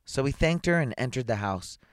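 A man reading a children's story aloud, playful and expressive, with chatty asides. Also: medium pitch, fairly quick, smooth, no echo, studio quality.

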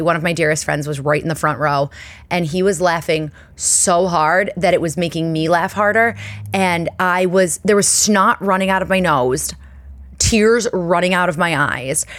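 A woman in her thirties hosting a podcast, telling stories in a chatty, self-deprecating, animated way. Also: fairly low pitch, no room sound. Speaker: podcast host. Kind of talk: casual chat.

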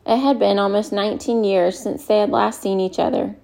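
A woman reading a novel aloud as an audiobook narrator, calm and measured. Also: medium pitch, vocal fry. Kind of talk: scripted narration.

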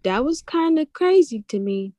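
A young woman earnestly recounting a vision in halting, repetitive casual speech. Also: high-pitched, expressive, warm tone, dry recording. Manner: earnest, halting, repeats herself. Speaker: guest sharing a vision. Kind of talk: casual testimony.

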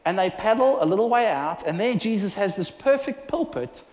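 A man preaching a sermon, telling Bible stories with lively acted-out dialogue. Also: high-pitched, moderate pace. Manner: animated storytelling with acted-out dialogue. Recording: echoey hall with long reverb.

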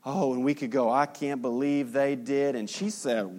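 A man's voice: fairly quick, few pauses. A middle-aged pastor preaching a sermon, acting out the people he quotes. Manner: animated preaching, acting out quotes with big jumps in pitch.

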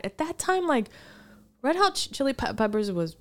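A woman's voice: medium pitch, lively intonation, normal speed. Middle-aged woman musician rambling thru a tour story, lots of restarts and little gasps. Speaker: podcast guest, musician. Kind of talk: casual chat.

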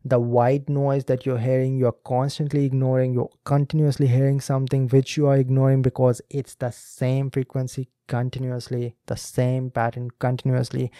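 A man from India, podcast host and speaking coach, gives teacherly commentary on a video clip while speaking straight to his audience. His warm, mid-range voice moves little in pitch and runs at a moderate pace with hardly any pauses, recorded dry and clean in a studio.

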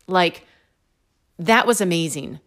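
A woman telling a personal faith story with animated storytelling, acting out both sides of the dialogue. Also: on the low side, slow.

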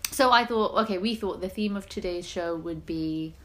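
A woman's voice: fairly low pitch, moderate pace, very noisy. A woman, co-hosting a casual podcast chat and telling stories with a lot of laughing. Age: late 20s. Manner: chatty, laughing storyteller. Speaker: podcast co-host.

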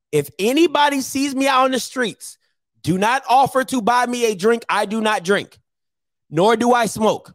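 A man in his thirties rants to camera in a casual, slangy way, breaking into laughter between points. His voice sits fairly high and swoops up and down, and it sounds dry and close. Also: dry recording. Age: 30s. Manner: animated, slangy, laughing asides. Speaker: sports picks show host.

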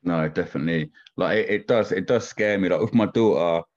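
Brief: low-voiced man, quick rambling chat, dull lo-fi audio. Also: a little mellow. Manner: rambling, keeps asking "do you know what I mean". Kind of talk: casual chat. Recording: dull lo-fi sound.

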